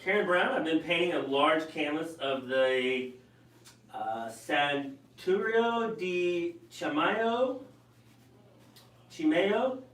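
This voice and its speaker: A man's voice: a little high, expressive, slow, a bit bright. A man co-hosting a live painting show, cheerfully reading out viewers' comments. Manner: reads comments aloud, chipper and enthusiastic. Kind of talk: live stream chat. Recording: echoey room, mic a bit far.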